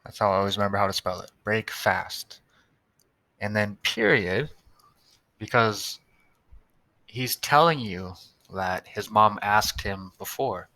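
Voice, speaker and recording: A man's voice: lowish voice, expressive, unhurried, bright, forceful tone, no room sound. A man teaching a recorded tutorial for young students, patiently sounding out words and spelling them letter by letter.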